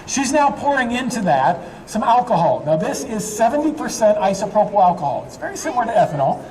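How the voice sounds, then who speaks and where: A man's voice: high-pitched, big pitch swings, brisk, a little mellow. A man giving a live chemistry demonstration, explaining in a chatty way with lots of fillers. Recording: distant mic, faint background noise.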